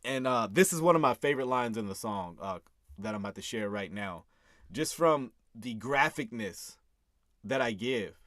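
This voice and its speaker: Here's a man of medium pitch, animated and fairly bright, going at a moderate pace as he earnestly walks through his own song in casual commentary. He chuckles and tacks "right?" onto his points, recorded dry in studio quality.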